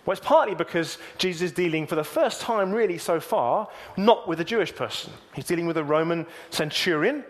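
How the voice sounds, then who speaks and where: A man preaching a sermon, reading scripture aloud and then explaining it in a measured way. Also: a little high, lively intonation.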